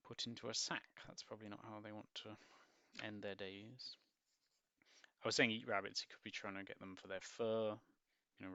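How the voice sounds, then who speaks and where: A man's voice: on the low side, gravelly, a bit bright, no echo, dull audio. A man reading a picture book aloud and breaking off for wry, musing asides with hesitant ums. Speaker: book reviewer.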